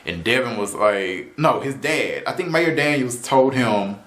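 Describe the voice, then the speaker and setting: A man's voice: mid-range voice, expressive, measured pace, a bit bright. A man giving a casual opinion rant on a show, exasperated and often laughing, tossing in "man" and "right?". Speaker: video reviewer. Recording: roomy echo.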